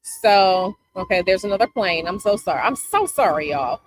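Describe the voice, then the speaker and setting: A woman's voice: medium pitch, lively intonation, normal speed. A woman from Chicago hosting a casual chat with her viewers outdoors, sassy and emphatic, repeating her advice. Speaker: tarot channel host. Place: outdoors by a palm tree, planes overhead.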